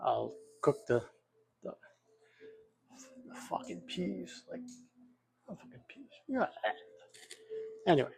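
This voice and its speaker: Gravelly older man cooking and swearing. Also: high voice, big pitch swings, takes it slowly, long pauses. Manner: profane, joking, off the cuff. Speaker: home cook, vlog host. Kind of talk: casual cooking vlog. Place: home kitchen.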